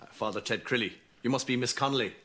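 An actor playing a flustered, awkward middle-aged priest in a sitcom. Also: male voice, mid-range voice, a little fast, lightly acted. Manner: excitable, awkward. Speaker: priest hosting a contest. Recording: noisy TV sitcom audio.

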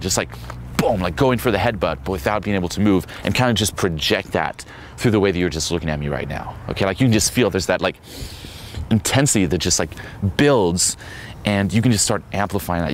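Low-voiced young man coaching casually. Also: slight background noise. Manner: casual, swears, filler-heavy, acts out quoted dialogue. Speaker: dating coach.

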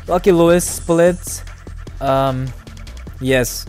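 Young male streamer, excitable casual commentary, mid-pitched voice, faint game music underneath. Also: measured pace. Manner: excitable, chatty, laughs often, swings from mumbling to loud cheering. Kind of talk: casual live gameplay commentary.

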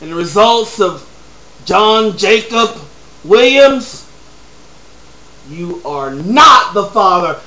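A man doing an impression of an older male talk-show host speaking in a low, measured voice. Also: expressive, sharp tone, heavily acted. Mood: calm. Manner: low, slow, mock-authoritative. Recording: roomy echo.

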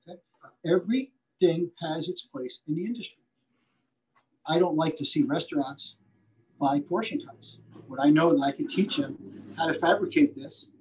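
A man demonstrates butchery live as an instructor, keeping it folksy, saying things more than once, stressing key points and frequently asking "okay?". His voice is fairly high and a little mellow, and the recording is rough.

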